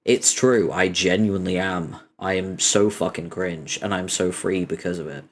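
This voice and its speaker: A young man chatting casually on his stream, swearing freely and breaking into frequent laughter while telling stories. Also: normal speed. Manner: animated storytelling, laughter rising high in pitch.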